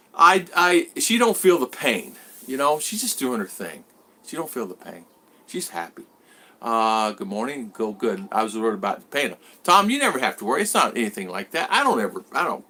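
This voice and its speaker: A man in his sixties with a bright, forward voice, chatting loosely on a live stream. He drifts from one thought to the next as he greets viewers by name and answers them. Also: mid-range voice. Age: 60s. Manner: rambling, greets viewers by name and reads their comments. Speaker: vlogger host. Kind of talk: casual live-stream chat.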